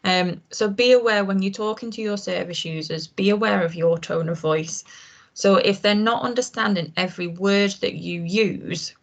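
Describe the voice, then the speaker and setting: A woman's voice: medium pitch, fairly even intonation, moderate pace. A woman trainer giving an informal online lesson on communication, explaining with frequent ums and restarts.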